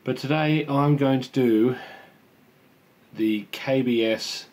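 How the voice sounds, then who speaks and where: A man's voice: medium pitch, slow pace, pauses often, a little mellow. A young man casually chatting and rambling as he tastes and reviews a home-brewed beer. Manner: chatty, rambling, self-deprecating. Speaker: homebrew reviewer. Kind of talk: casual beer tasting vlog.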